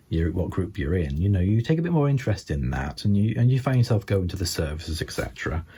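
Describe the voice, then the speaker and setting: An older man with a Scouse accent doing deadpan stand-up storytelling, halting with many ums and you-knows. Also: low-pitched, slightly rough. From England. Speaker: stand-up comedian.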